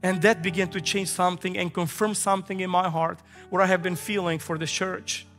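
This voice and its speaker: A man in his thirties preaching from the pulpit, emphatic and repetitive as he builds his points. His voice sits high for a man. Long reverb from a large sanctuary carries it, with faint music under it. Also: level tone, a little fast, a bit bright. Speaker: pastor. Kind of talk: sermon. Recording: echoey hall with faint music.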